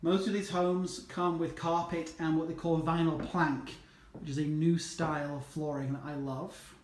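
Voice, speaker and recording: High-voiced realtor guy walking a show home on his phone, chatty, echoey rooms, bit of noise behind. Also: flat delivery, moderate pace. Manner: chatty, pointing out features as he walks. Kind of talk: casual walkthrough home tour. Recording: echoey empty rooms, faint background noise.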